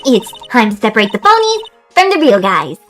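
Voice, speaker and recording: A woman's voice: fairly high pitch, wildly swooping pitch, fairly quick, soft background music, voice pushed up. A woman reading a perky young female sidekick from a courtroom game. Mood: teasing.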